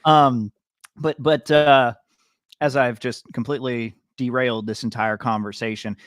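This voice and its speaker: A man's voice: mid-range voice, fairly even intonation, unhurried, dry recording, clean studio sound. A man from Britain co-hosting a podcast, giving rambling, self-correcting sports opinions in casual chat. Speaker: podcast co-host.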